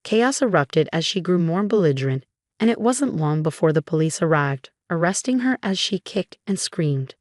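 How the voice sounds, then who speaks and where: A woman reading a dramatic first-person story as a scripted narration, in an even storytelling manner. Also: fairly low pitch, moderate pace, no echo, studio quality.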